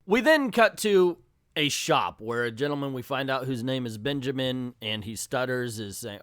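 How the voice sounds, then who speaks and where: A man talks through comic panels in a chatty, self-mocking way. His pitch swings widely as he narrates, and the sound is dry and close, with no room around it. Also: animated, measured pace, a bit bright, dry recording. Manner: chatty, self-deprecating, voices characters when quoting. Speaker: comics channel host. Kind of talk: casual comic recap with read-aloud quotes.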